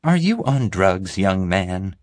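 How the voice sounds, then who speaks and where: A man's voice: low-pitched, very animated, slow, no echo, studio quality, full character voice. A man voicing a stern, disdainful woman with a sneering, condescending manner. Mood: scornful.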